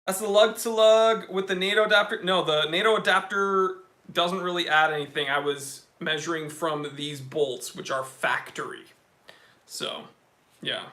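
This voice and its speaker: Excitable young male host for a live chat stream; high, bright voice, casual and comment-driven. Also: moderate pace. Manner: excitable, reading out viewer comments. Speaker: watch channel host.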